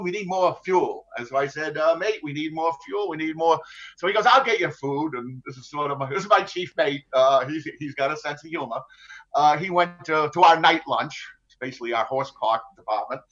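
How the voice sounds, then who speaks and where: An older man, a former ship captain, recounts his story in a podcast interview in a wry, halting way. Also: a little high, fairly bright tone, lo-fi sound. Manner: wry, halting, full of restarts and laughs.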